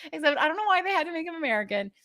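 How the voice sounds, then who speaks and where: A woman's voice: very high-pitched, big pitch swings, racing, sharp tone, no room sound, clean studio sound. A middle-aged woman co-hosting a podcast, chatting casually and rambling through recaps with frequent laughs. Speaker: podcast co-host. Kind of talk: casual chat.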